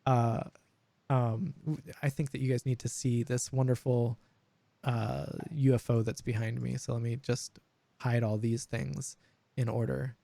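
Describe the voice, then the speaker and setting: Rambling casual dungeon master, dry sound. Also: male voice, mid-range voice, little pitch movement, measured pace, vocal fry, warm tone, no echo. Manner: rambling, frequent fillers and restarts. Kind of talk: casual chat over voice call.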